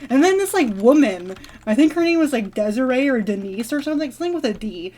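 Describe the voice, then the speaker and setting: Rambling, giggly woman with a higher voice. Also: expressive, fast talker, dark tone, slight background noise. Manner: rambling, giggly, with many fillers and restarts. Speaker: gaming vlogger. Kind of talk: casual rambling storytelling while playing a game.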